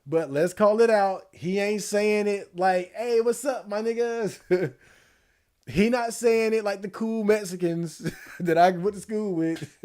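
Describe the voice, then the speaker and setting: A man streaming casual commentary, laid-back and slangy, swearing freely and laughing often, a little hoarse. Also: sits high, darkish tone. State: losing his voice. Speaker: streamer reacting to election night.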